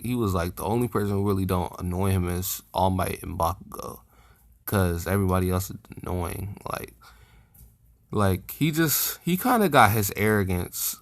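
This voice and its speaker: Young dude with a deep voice rambling thru a fanfic plot, lots of um and uh. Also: male voice. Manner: rambling, self-correcting, frequent fillers. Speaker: fan storyteller. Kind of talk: casual fan-fiction retelling.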